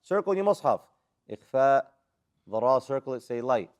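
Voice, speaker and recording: A man's voice: mid-range voice, big pitch swings, fast. A man with an American accent teaching Quran recitation rules, drilling students with questions and recited Arabic letters. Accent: American English. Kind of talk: live classroom lesson.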